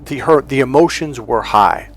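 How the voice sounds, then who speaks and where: A man who works as a relationship coach and hypnotherapist, telling a personal story as motivational talk and acting out the dialogue in it. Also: normal speed. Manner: animated, acts out quoted dialogue with high lifts in pitch.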